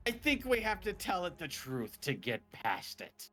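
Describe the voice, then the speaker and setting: A man's voice: fairly high pitch, huge pitch swings, measured pace, few pauses, bright, forceful tone. A man joking around as a player in a tabletop game. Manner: joking, teasing. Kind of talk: casual tabletop play.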